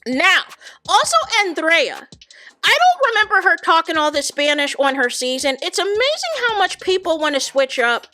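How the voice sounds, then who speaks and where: High, bright-voiced woman hosting recaps. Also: normal speed, faint music behind. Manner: animated, addresses viewers as "y'all"; repeats words for emphasis. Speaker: reality TV reaction host. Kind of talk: casual commentary.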